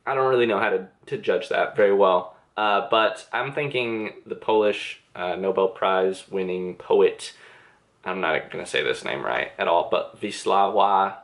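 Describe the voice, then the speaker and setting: A young man with a slightly low voice chats through viewer questions in a casual vlog from his bedroom. He is self-deprecating and loose, leaning on filler words as he answers. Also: normal speed. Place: bedroom with reading chair.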